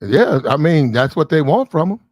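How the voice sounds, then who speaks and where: A man's voice: fairly high pitch, big pitch swings, moderate pace, dry recording. Man, livestream host, blunt and disbelieving, swears casually; dry, close sound. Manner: blunt, incredulous, swears freely. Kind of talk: casual commentary.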